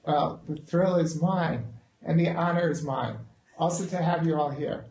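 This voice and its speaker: A man's voice: on the high side, moderate pace, darkish tone, echoey room, poor audio. A man hosting a talk show who speaks hesitantly and welcomes his guest with many fillers. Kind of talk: casual interview chat.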